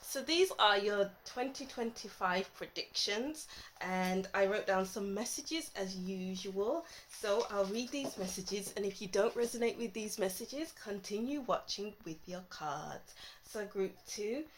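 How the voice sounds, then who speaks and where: A woman doing a casual tarot reading monologue, playful and giggly, with soft, reflective stretches. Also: mid-range voice, animated, a little slow, a little hiss or hum, poor audio. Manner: playful and giggly, breaks into song and laughter; soft, intuitive, reflective delivery. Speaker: tarot reader.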